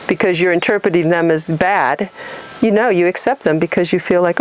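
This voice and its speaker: A woman's voice: lowish voice, steady tone, normal speed, a little hiss or hum. A middle-aged woman from California giving an earnest spiritual talk, acting out inner voices and asking rhetorical questions. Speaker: spiritual teacher.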